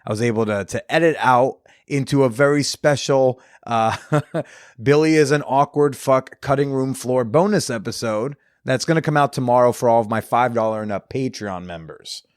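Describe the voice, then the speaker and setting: A man hosting a podcast, doing casual ad reads and fan shout-outs in a jokey, off-the-cuff way with crude humor. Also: mid-range voice, normal speed, clean tone, no room sound, studio quality. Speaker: podcast host.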